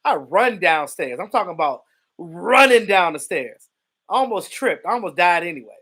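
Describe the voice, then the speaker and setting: A man hosting a casual livestream, greeting viewers by name and telling stories in an animated way. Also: sits high, normal speed, husky. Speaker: livestream host.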